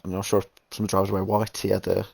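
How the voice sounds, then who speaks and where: A man's voice: fairly low pitch, monotone, fast, creaky, a little mellow, breathy edge, no room sound. A man giving easygoing, rambling commentary on an online racing league, reading out chat messages as he goes. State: recovering from a kidney infection. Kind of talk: casual race commentary.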